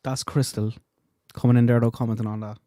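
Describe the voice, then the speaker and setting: A man hosts a true crime channel and comments on clips with indignant rhetorical questions. His voice is mellow and mid-pitched, recorded dry and close. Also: little pitch movement, brisk, no echo.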